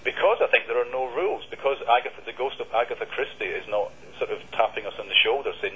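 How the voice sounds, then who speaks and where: A man's voice: medium pitch, fast talker, few pauses, bright, forceful tone, slight background noise. A Scottish man answering interview questions as a novelist guest, fluent and thoughtful with frequent restarts. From Scotland. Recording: dull lo-fi line.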